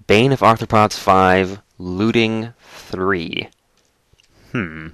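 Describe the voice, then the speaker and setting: A man with a dry throat giving rambling, relaxed commentary as he plays through a game. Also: fairly low pitch, extremely slow, clean tone, dry recording. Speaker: let's play host. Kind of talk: casual gaming commentary.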